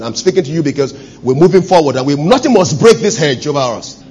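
A man preaching a sermon as pastor, swinging between loud, fervent preaching and low, intimate storytelling.

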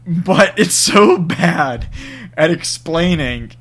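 A man's voice: fairly high pitch, lively intonation, drawn-out words, a bit bright. A man co-hosting a casual movie review chat, laughing easily as he talks through plot points. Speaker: podcast co-host.

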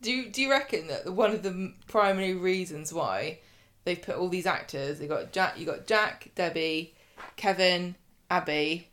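A woman's voice: lowish voice, moderate pace, a bit bright. Dry-humored woman co-host. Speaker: podcast co-host. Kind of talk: casual chat.

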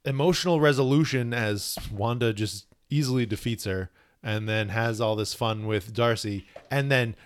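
A man talking comics on a podcast, eagerly unpacking lore between laughs. His voice sits at an everyday middle pitch, and the talk is loose and conversational. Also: moderate pace. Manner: enthusiastic, explains lore with laughs. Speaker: podcast co-host. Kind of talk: casual comic book discussion.

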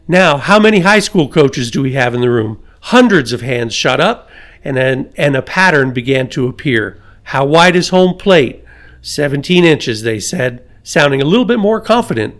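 A man's voice: mid-range voice, animated, moderate pace, a bit bright. A man hosting a podcast, reading a story aloud with his own asides and chuckles. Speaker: podcast host.

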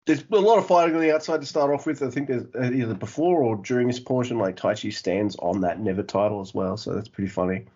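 A man's voice: medium pitch, fast, hardly any pauses, dark tone, muffled recording. A man co-hosting a casual podcast, rambling and swearing with frequent restarts and fillers. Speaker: podcast co-host.

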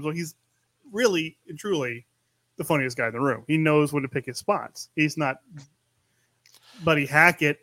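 A man's voice: a little high, normal speed, pauses often, sharp tone, no echo. A man co-hosting a casual chat podcast, talking things over in a reflective way. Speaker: podcast co-host.

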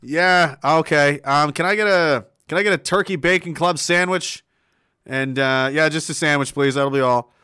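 A man telling a story in a casual rant, animated, swearing and laughing often. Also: on the high side, moderate pace, smooth, no echo, studio quality.

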